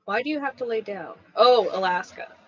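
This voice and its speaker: A woman's voice: a little high, animated, moderate pace, muffled recording. A woman who owns a craft shop, chatting casually on a livestream while she packs orders, rambling and blunt.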